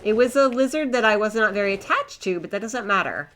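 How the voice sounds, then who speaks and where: A young woman streaming a game, her voice bright and forward in tone. She chatters to herself and her in-game pets, flustered and talkative. Her pitch sits in an ordinary middle range for a woman. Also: animated, brisk. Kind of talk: live gameplay commentary.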